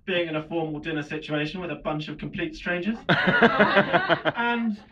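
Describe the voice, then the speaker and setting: Halting man doing shy stand-up. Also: on the high side, fairly even intonation, sharp tone. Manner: hesitant, self-deprecating, halting restarts. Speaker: stand-up comedian. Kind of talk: stand-up routine. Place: small comedy bar stage. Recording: lo-fi club recording with audience laughter.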